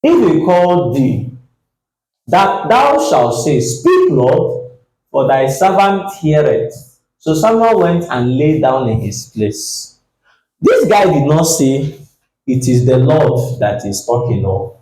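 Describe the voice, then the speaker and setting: A pastor preaching a sermon, reading scripture slowly and acting out the dialogue with energy. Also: male voice, fairly high pitch, big pitch swings, warm tone, reverberant, rough recording. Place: church.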